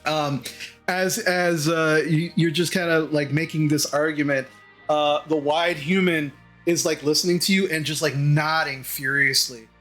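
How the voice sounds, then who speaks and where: A man narrating a tabletop game as game master, halting, with many fillers and restarts. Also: fairly high pitch, steady tone, fairly bright tone, soft background music.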